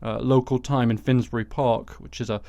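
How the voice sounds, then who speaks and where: A male podcast host delivering satirical news commentary with sarcastic, dry asides. His voice sits at a middle pitch and is recorded close and dry, with no room sound. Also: steady tone, normal speed, mellow, no room sound, highs cut off.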